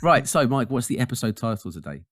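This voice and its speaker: A man co-hosting a podcast in casual, joking chat, his voice husky after the flu. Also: medium pitch, very animated, fast, fairly bright tone, dry recording, studio quality. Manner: joking, laid-back banter. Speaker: podcast co-host.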